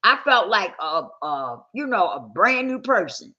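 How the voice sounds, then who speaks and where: Husky, animated woman telling her story. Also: medium pitch, a little slow, dull audio. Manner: conversational, acts out quoted dialogue. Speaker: personal testimony speaker. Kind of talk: candid personal storytelling.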